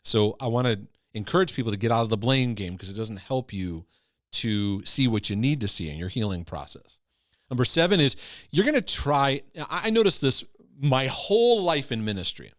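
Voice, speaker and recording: A man teaches with a lively, swooping voice, hammering home key phrases and often checking in with "right?" and "okay?". He sounds close and dry, with no room sound around him. His delivery is earnest and emphatic, as in a recorded Christian teaching. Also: mid-range voice, moderate pace, no room sound. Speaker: Christian teacher and former pastor. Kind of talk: teaching talk to camera.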